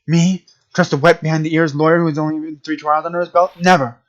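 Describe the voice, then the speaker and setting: A cold, arrogant prosecutor who talks down to everyone, as a man plays him. His tone stays cool and condescending, pitched a touch lower. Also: little pitch movement, quick pace, highs cut off, lightly acted.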